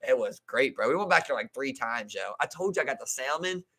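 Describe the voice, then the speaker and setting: Bright-voiced slangy man telling stories. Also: medium pitch, animated, brisk. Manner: laid-back storyteller, slangy, laughs often. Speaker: podcast co-host. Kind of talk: casual chat.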